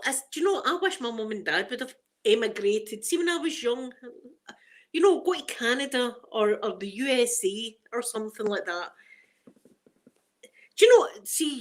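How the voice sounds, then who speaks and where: A middle-aged woman with a Glaswegian Scottish accent, hosting a casual ASMR chat and rambling through stories full of local slang. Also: fairly high pitch. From Scotland. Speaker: ASMR channel host.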